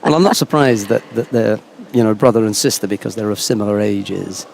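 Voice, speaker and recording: A man's voice: fairly low pitch, steady tone, a little fast, vocal fry, darkish tone, a little hiss or hum. A man commentating live on a judo event, chatty and anecdotal. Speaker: sports commentator.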